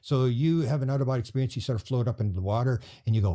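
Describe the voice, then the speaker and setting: A man being interviewed as a guest, telling stories quickly and acting out the people he quotes. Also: mid-range voice, warm tone. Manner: rapid storytelling, acting out quoted voices. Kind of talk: storytelling in a podcast interview.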